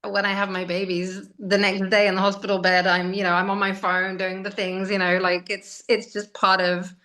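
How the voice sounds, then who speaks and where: A woman's voice: mid-range voice, level tone, normal speed, bright, forceful tone. A woman in her thirties, a podcast guest, telling personal stories in a casual and emotional way, laughing often. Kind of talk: casual conversational storytelling.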